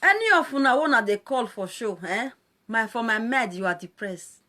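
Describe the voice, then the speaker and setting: Nigerian lady going off on a live stream, mocky and scolding, laughs a lot, kinda high voice, phone mic. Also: lively intonation, normal speed, pushed and bright. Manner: mocking, scolding, laughs often between lines. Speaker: social media presenter. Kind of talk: live video rant.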